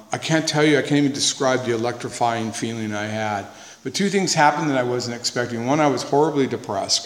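A man speaking at a recovery meeting, giving an earnest, conversational personal testimony, repeating words for emphasis, with wry humor. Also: mid-range voice. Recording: echoey hall with faint noise.

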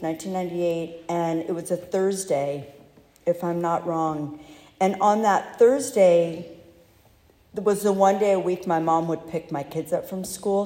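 Woman, candid testimony, halting, self-deprecating, low mellow voice, long hall reverb. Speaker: speaker sharing recovery story. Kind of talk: personal testimony talk. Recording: echoey hall.

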